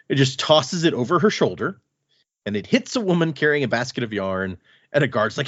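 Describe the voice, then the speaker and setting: A man's voice: mid-range voice, big pitch swings, moderate pace, no echo, highs cut off. A man co-hosting a podcast, casually and animatedly retelling chapters of a book. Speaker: podcast co-host.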